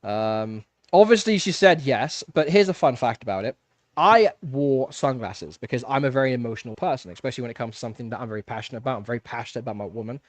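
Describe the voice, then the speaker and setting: A man's voice: mid-range voice, quick pace, no echo. Chatty man telling a story. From England. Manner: animated storyteller, laughs often, chatty with fillers. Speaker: livestream host. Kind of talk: casual livestream chat. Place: home fish room.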